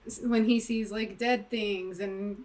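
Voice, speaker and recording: A woman's voice: medium pitch, steady tone, slow, darkish tone. A chatty woman guest in casual podcast talk who laughs often. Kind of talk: casual chat.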